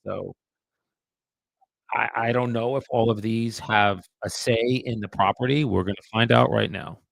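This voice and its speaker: On a live stream, a real estate agent with a low, gravelly voice talks viewers through his cold calls, chatty and offhand, often muttering asides under his breath. His tone stays steady and unhurried. The recording is dry and close, with no room sound or echo.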